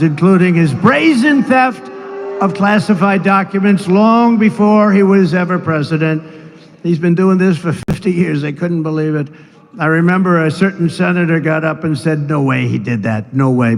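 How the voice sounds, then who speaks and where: A man in his seventies giving a rambling rally speech, full of asides and mocking impressions. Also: high voice. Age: 70s. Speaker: political speaker at a rally. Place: large rally venue. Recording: long reverb of a big venue, faint noise.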